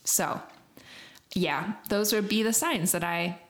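A woman's voice: mid-range voice, takes it slowly, vocal fry, fairly bright tone. Giggly, chatty woman host. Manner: chatty, giggly, explains from her reading. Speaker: podcast host. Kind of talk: casual chat.

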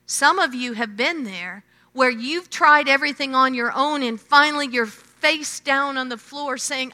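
High bright lady preaching a sermon, slow and emphatic, big echoey hall. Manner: emphatic, slow, with swelling and hushed phrases. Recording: long hall reverb.

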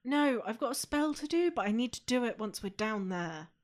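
A woman's voice: fairly high pitch, expressive, moderate pace. Chatty woman playing a tabletop game. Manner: chatty, rambling, lots of "like" and "um". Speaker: player.

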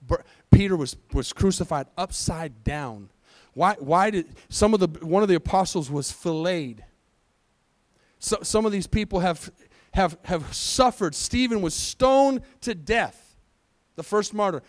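High-voiced preacher asking rhetorical questions. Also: male voice, lively intonation, measured pace, no echo. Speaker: pastor. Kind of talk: sermon. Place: church sanctuary.

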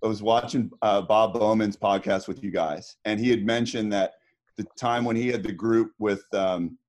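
A man's voice: fairly low pitch, fairly even intonation, moderate pace, darkish tone. Middle-aged man telling stories casually. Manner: rambling, lots of restarts and fillers. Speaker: guest, former swimmer. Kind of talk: casual storytelling.

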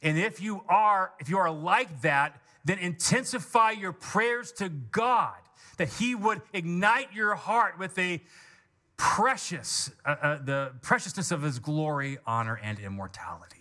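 A man preaching a sermon as pastor, emphatic and climbing in pitch on key words. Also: animated, unhurried, bright, forceful tone.

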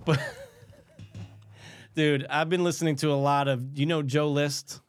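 A man in his mid-thirties co-hosting a casual comedy podcast, rambling and swearing, and often jumping into quick impressions. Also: on the high side, flat delivery. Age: 30s. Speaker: podcast co-host.

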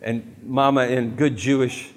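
A man giving a lively, jokey talk to a live audience on faith, full of quick asides. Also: medium pitch. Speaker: Catholic speaker. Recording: long hall reverb.

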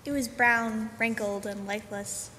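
A woman's voice: on the high side, level tone, a little slow, pushed and bright. Woman narrating a picture book. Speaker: co-reader of a children's story. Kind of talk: reading a picture book aloud. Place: church sanctuary. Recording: echoey sanctuary, faint hum.

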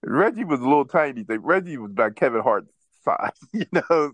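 A man's voice: mid-range voice, expressive, normal speed, no echo. A man co-hosting a podcast, telling a childhood story in casual chat and laughing as he goes. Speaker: podcast co-host.

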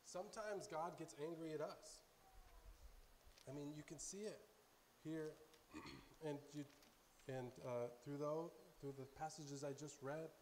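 A man's voice: a little high, steady tone, unhurried, pauses often, darkish tone. A man preaching a sermon in an earnest way, often restarting and repeating his words. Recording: faint hum in a long-reverb hall.

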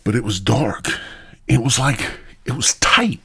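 A man hosting a podcast, telling a crude comic story full of swearing, dropping into hushed whispers and rising to loud outbursts. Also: mid-range voice, animated, unhurried, gravelly, slightly rough. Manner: profane, swings between loud and hushed whispers. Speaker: podcast host.

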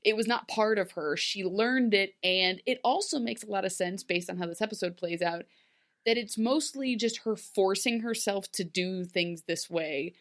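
A woman in her thirties co-hosting a casual recap chat, animated and laughing often as she acts out scenes. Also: medium pitch, moderate pace. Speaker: podcast co-host.

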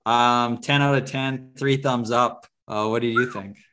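A man's voice: mid-range voice, steady tone, a little slow, bright, forceful tone. Man, podcast co-host, loose chatty movie talk, lots of ums and restarts. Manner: rambling, many fillers and restarts. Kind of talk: casual movie review chat.

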